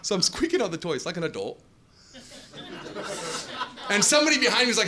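A man in his forties doing a stand-up comedy set on a club stage, acting out dialogue in animated storytelling, with an audience laughing behind him. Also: sits high, moderate pace, pauses often. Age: 40s. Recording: live club audio with crowd laughing.

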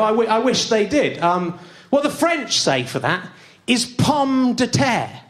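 Sex: male. Role: stand-up comedian. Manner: exasperated rant. Pitch: high. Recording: roomy stage with audience noise. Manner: exasperated ranting with shouted bursts.

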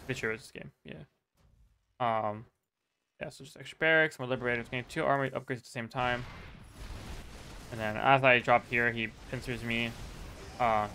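A man giving relaxed, chatty commentary over a game replay as a coach, with many fillers. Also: medium pitch, smooth. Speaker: StarCraft player and coach.

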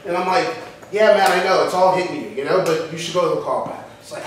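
Man, acting teacher, swearing storyteller, high voice, echoey room, far mic. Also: fast, a little hiss or hum. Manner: profane, animated, acts out friends' voices. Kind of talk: casual storytelling to a class.

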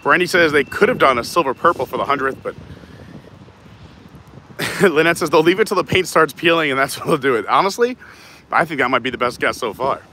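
A man's voice: a little high, lively intonation, fairly quick, sharp tone, slight background noise, rough recording. A man hosting a live stream while walking outdoors, chatting casually, reading viewer comments and laughing often. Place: outdoors in a theme park, walking.

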